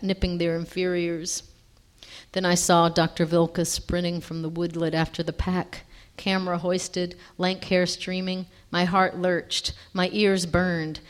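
A woman reading a first-person story aloud in an expressive way, now and then stopping to correct herself. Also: lowish voice. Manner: expressive, with small self-corrections.

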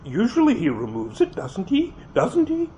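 A man's voice: sits high, very animated, unhurried. A man doing a flustered, pleading mother. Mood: distraught, pleading. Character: distraught mother at a family dinner. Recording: dull lo-fi with faint hiss.

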